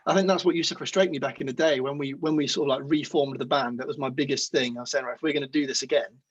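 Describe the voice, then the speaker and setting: A man's voice: medium pitch, fast, husky, highs cut off. A man in casual podcast conversation, telling rambling stories and acting out the exchanges he quotes. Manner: rambling, animated storytelling, acts out quoted exchanges. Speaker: podcast guest, musician.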